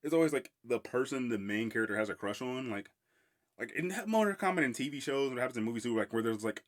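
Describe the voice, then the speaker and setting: A man's voice: medium pitch, animated, fast. Rambling, laughing man reviewing a film. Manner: rambling, laughs often, swears freely. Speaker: podcast host. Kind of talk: casual solo film review.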